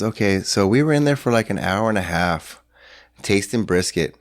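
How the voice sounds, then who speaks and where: A middle-aged man from San Antonio, Texas, appears as a podcast guest in a hotel room, telling a long story in casual chat. He rambles with lots of fillers and restarts and acts out what people said. His lowish voice is animated at normal speed, with clean studio sound and no room sound.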